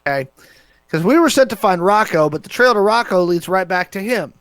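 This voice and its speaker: An excitable man playing a tabletop game, pushing his teammates along. His voice is high and swings widely, recorded dry and close. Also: a little fast, smooth, dry recording.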